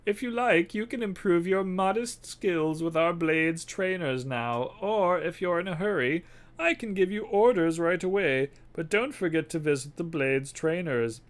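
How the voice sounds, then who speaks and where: A man voicing an older male spymaster, reading game dialogue aloud in a formal, measured way during a livestream. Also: high voice, pitched above the performer's own voice. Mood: formal briefing.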